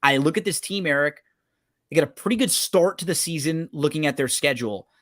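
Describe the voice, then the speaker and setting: A man's voice: on the high side, a little fast, fairly bright tone. A man co-hosting a sports betting show, talking through teams and schedules in a conversational way and often checking in with his partner. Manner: conversational, checks in with tag questions. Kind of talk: casual sports betting analysis.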